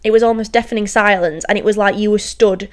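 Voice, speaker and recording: A woman's voice: medium pitch, fairly even intonation, fast talker. A young woman co-hosting a podcast, chatting casually and throwing in jokey asides. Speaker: podcast co-host. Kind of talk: casual chat.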